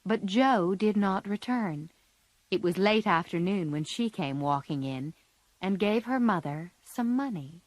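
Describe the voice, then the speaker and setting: A woman reading a story aloud calmly and clearly for English learners. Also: fairly low pitch, dry recording. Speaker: narrator.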